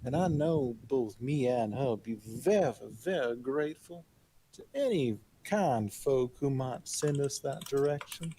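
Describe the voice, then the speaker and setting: A man voicing an overly polite gentleman adventurer who speaks in formal, florid phrases. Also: medium pitch, lively intonation, unhurried, husky. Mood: courteous.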